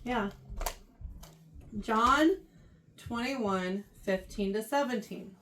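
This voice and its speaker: A woman teaching a Bible lesson to a youth class, animated and often checking in with her listeners. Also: on the high side, very slow. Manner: animated, keeps checking in with "right?". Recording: voice heard from far off the mic.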